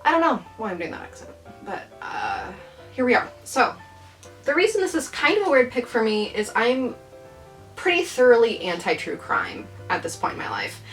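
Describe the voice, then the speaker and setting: A woman's voice: a little high, sing-song, normal speed, fairly bright tone, faint music behind. A young adult woman hosting a casual reading vlog, chatting about her new books in a playful, rambling, self-deprecating way. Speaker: book vlogger.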